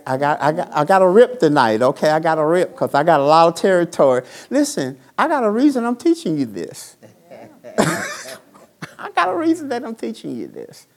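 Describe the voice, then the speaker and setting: Gravelly pastor preaching call-and-response. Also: medium pitch. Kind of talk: sermon. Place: church sanctuary.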